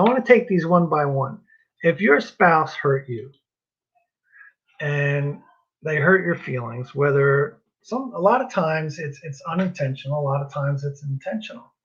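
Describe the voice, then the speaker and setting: Man from New Jersey, marriage class teacher, raised husky voice, dull lo-fi recording, earnest and rambling. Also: a little high. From New Jersey, US East Coast. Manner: earnest, repeats himself, self-deprecating asides. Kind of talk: casual teaching talk.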